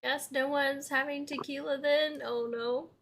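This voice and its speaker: A woman's voice: sits high, steady tone, measured pace, a little hiss or hum. A woman friend chatting and teasing in an online voice chat. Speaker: friend on the stream. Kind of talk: casual chat.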